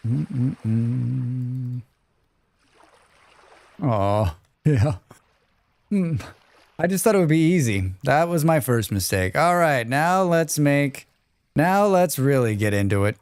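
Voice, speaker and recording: A man's voice: a little high, big pitch swings, measured pace, clear, resonant tone, no room sound. A man streaming a survival game live, talking to himself in a casual, joking, grumbling way as he plays. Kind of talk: casual live gameplay commentary.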